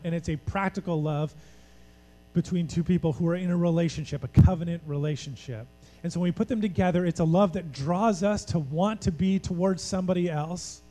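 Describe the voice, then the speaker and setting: A pastor with a high, mellow voice delivers an earnest sermon, building his points through repetition. The sound carries a long reverb from the hall, with a faint mains hum underneath. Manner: earnest, repetitive emphasis, acts out quoted voices.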